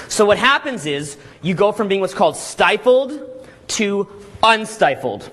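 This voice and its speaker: A man leads a live seminar with lively energy, throwing questions at the room like a coach working a crowd. His high voice rings sharp and bright, with a breathy edge, at normal speed.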